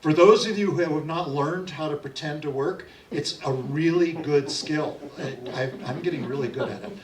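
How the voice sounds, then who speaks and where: With a slightly high voice at a moderate pace, the middle-aged storyteller and folk singer chats folksily at a library event, leading the audience in call-and-response songs. A distant mic makes the recording sound roomy.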